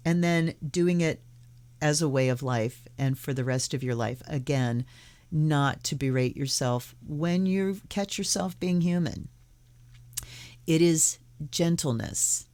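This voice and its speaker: A woman with a low voice explains a spiritual practice in a relaxed, conversational way. She is gentle and middle-aged, and she slips into playful little voices to act out inner thoughts. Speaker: tarot and Buddhism video host. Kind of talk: casual spiritual teaching talk.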